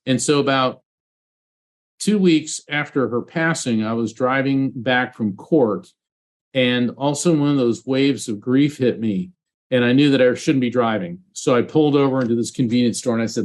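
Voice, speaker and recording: Earnest male storyteller, ex-trial-lawyer type, mid-pitched, animated, restarts often. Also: moderate pace. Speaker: psychic medium guest, former trial lawyer. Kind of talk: storytelling interview talk.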